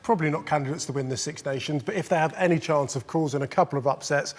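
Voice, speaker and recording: A man presenting a sports studio show, leading the talk in a quick, jokey way. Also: on the high side, big-room sound. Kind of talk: casual sports chat.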